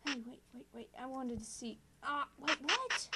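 A woman's voice: high-pitched, expressive, moderate pace, very noisy. A woman casually commenting on a game and reading its dialogue aloud in a playful way. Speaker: let's play gamer.

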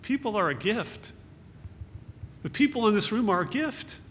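A man's voice: high-pitched, animated, normal speed, fairly bright tone. A man giving an earnest, consoling memorial sermon as pastor, quoting scripture. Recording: echoey hall with faint hum.

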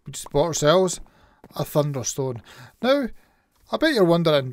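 A man's voice: a little high, big pitch swings, normal speed, pauses often. A man with a Scottish accent hosting his gaming channel, chatting casually and playfully while he plays, making little sound effects. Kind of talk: casual game commentary.

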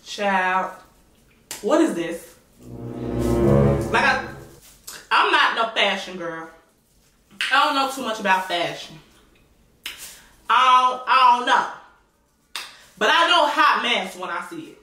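Slangy, animated woman vlogger, bright voice. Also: on the high side, takes it slowly, long pauses. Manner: slangy, animated, repeats herself. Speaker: mukbang and reaction vlogger. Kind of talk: casual chat while eating. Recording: echoey room, mic at a distance, faint noise.

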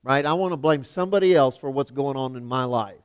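A man preaching a sermon in a church, emphatic, swinging from loud declarations to hushed lines. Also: medium pitch, brisk, clean tone. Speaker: pastor. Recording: long hall reverb.

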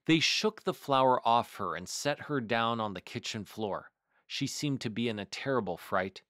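A man's voice: mid-range voice, no room sound, clean studio sound. A man reading a storybook aloud. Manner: measured, expressive storytelling. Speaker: storytime host. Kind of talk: reading a picture book aloud.

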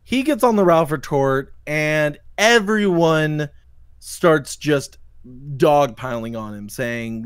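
A podcast host with a fairly high, lively voice rants angrily through a livestream talk show, cursing as he recounts an online drama and mimicking people in mocking voices. He speaks slowly and smoothly, and the studio recording is clean with no room sound.

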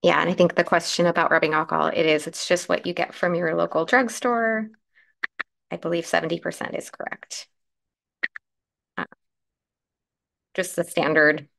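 A woman hosting a live crafting demo, chatting through each step and answering viewer comments, with a croaky morning voice. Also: lowish voice, steady tone, normal speed, pauses often, fairly bright tone. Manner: chatty, explains steps while working, answers comments. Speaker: craft livestream host.

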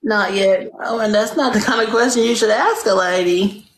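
A woman's voice: mid-range voice, moderate pace. A woman from Louisiana with a Southern accent, hosting a livestream and talking bluntly and crudely with strangers. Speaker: livestream host chatting with strangers. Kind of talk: brash comedic video chat. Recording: echoey room, faint background noise.

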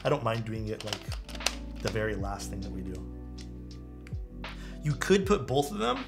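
Chatty male streamer, lively pitch. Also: normal speed, creaky, over loud music. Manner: chatty, thinks aloud, answers chat. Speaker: streamer building a keyboard. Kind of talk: casual live-stream chat.

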